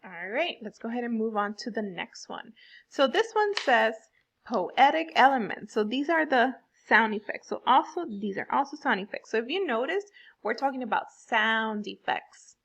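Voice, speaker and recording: A woman teaching a fourth grade class, explaining slowly and stressing words for young pupils. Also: fairly high pitch, animated, a bit bright, rough recording. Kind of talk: online classroom lesson.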